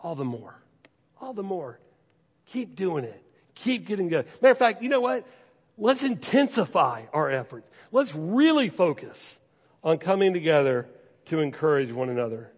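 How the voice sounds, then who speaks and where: A man's voice: fairly high pitch, very animated, moderate pace, slightly rough. A man preaching a sermon as pastor, speaking earnestly and conversationally, repeating key phrases to urge his listeners on. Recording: long reverb from a large hall.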